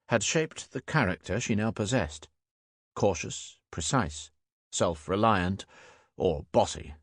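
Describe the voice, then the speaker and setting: A man reading a historical thriller audiobook in a measured, even storytelling voice. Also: deep voice, no room sound, clean studio sound. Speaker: audiobook narrator. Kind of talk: scripted audiobook narration.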